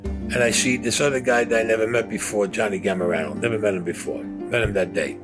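A man's voice: lowish voice, steady tone, fast talker, music in the background. Blunt, profane New man. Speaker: interviewee. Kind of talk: storytelling.

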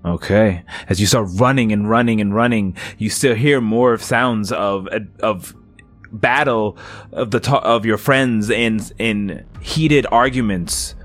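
A man narrating as game master of a tabletop game, slow and atmospheric, with restarts. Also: fairly low pitch, faint music behind.

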